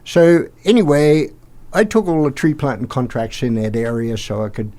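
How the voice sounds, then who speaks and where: Older aussie bloke rambling through a story, acts out what people said. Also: male voice, mid-range voice, normal speed. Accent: Australian. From Australia. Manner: rambling, animated retelling with acted-out quotes. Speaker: podcast guest. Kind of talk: anecdotal storytelling.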